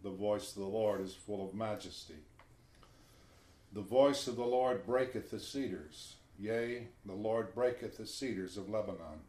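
A man's voice: lowish voice, a little mellow. A man leading a Bible study who directs the group, reads psalms aloud, and comments between readings. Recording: echoey room with faint background noise.

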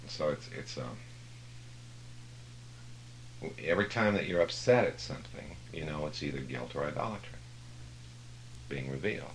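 A man leading a casual Bible study group, telling stories and jokes in a lively way. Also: extremely low pitch, moderate pace, long pauses, slight background noise, poor audio. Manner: storytelling, animated jokes.

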